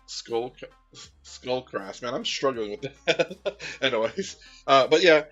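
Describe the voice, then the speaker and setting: A man's voice: mid-range voice, lively intonation, slow, fairly bright tone, soft background music. A man streaming as he paints miniatures, chatting casually with viewers in a rambling, easygoing way with many fillers and restarts. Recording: dull, slightly lo-fi sound.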